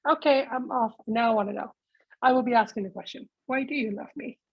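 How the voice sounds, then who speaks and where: Female discussion leader, breathy and a touch high, laughs easily, dry close sound. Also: brisk, dry recording, highs cut off. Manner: reflective, laughs easily, calls on members by name. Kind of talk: casual group discussion.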